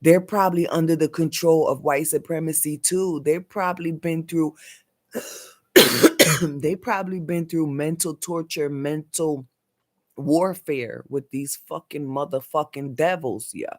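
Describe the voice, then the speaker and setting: A man speaks in a slightly high voice, ranting into his vlog. He swears nearly every line, circles back over the same phrases and punctuates them with "yo". His tone stays agitated and accusatory throughout. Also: unhurried. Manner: profane, repetitive, keeps tagging lines with "yo". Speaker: vlogger. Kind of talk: heated personal rant.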